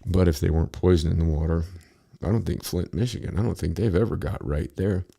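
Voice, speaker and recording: A man's voice: deep voice, a little fast, gravelly, warm tone, breathy edge. A man telling a long, rambling story in casual talk, profane and easily sidetracked.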